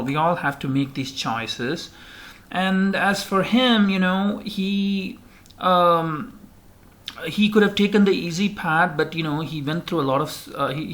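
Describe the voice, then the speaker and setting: A man's voice: fairly high pitch, a bit bright. A man giving a recorded slide lecture, rambling with many fillers and restarts.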